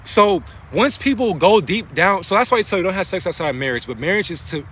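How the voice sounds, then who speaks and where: Male streamer, bright and lively, slangy and preachy, keeps pausing to thank chat. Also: high-pitched, a little hiss or hum. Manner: casual slang, often stops to thank viewers; passionate, preachy rhetorical questions. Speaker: livestreamer. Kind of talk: spiritual talk on a livestream.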